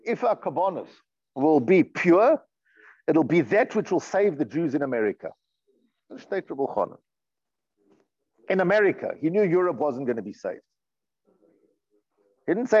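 A man's voice: on the high side, sing-song, moderate pace, pauses often, darkish tone, slightly rough, dry recording, lo-fi sound. A man teaching a religious lesson, reading passages aloud and translating them, earnest and emphatic, often repeating and restarting his words. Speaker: rabbi teaching a class. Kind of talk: storytelling lesson, reading and translating Hebrew text.

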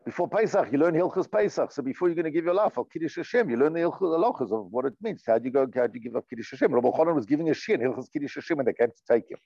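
A man teaches a religious lesson. He is earnest and emphatic and often circles back on his own words. His voice sits a little high with a gravelly edge, and it is captured on a dull, dry, lo-fi recording. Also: animated, very fast, hardly any pauses, warm tone, no room sound. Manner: earnest, emphatic, repeats and restarts phrases. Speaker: rabbi teaching a class. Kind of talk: storytelling lesson, reading and translating Hebrew text.

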